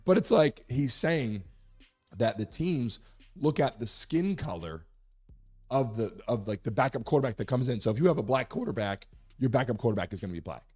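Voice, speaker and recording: A hoarse man hosting a live sports talk show, talking emphatically and repeating his point to make it clear. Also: mid-range voice, animated, moderate pace, a little mellow, faint music behind. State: hoarse, recovering from a lost voice.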